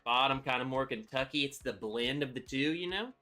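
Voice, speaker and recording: A man's voice: medium pitch, lively intonation, fairly quick, bright, forceful tone, soft background music. A man hosting a casual live stream, chatty and upbeat, greeting viewers by name as he talks. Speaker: livestream host reviewing whiskey.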